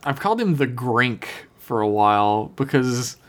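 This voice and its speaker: A man's voice: mid-range voice, very animated, moderate pace, fairly bright tone. Easygoing man in casual podcast chat. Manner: loose, profane, reads listener emails aloud. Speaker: podcast co-host.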